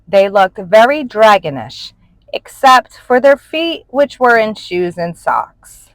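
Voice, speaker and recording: A woman reading a children's storybook aloud in an expressive, animated way. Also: mid-range voice, slow, no echo, low-quality recording. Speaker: storybook reader.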